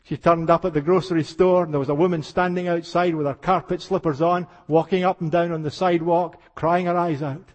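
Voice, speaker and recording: An older man preaching a revival sermon, telling stories with passion and moving between hushed tones and exclamations. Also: a little high, fairly even intonation, a little fast, few pauses. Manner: impassioned storytelling, dropping to hushed tones then rising to exclamations. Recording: reverberant hall.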